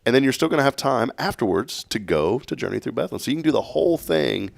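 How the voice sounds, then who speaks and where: Guy hosting morning radio, low gravelly voice, jokey and upbeat. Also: very animated, fast, no room sound, studio quality. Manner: upbeat, joking, laughs often. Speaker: morning show host. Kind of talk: casual chat.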